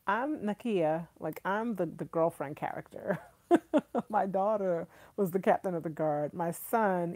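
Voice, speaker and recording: A chatty, effusive woman talks to her viewers on a live stream, calling them y'all and reading out their comments. Her voice sits fairly low and sounds mellow and warm, and the recording is close and dry. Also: no echo. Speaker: vlogger hosting a live stream.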